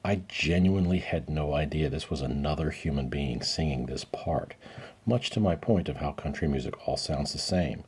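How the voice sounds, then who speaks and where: A man in his forties with a deep, slightly husky voice hosts a music reaction video. He talks in a relaxed, wry way, dropping sarcastic and playfully theatrical asides. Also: normal speed. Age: 40s. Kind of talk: casual reaction commentary.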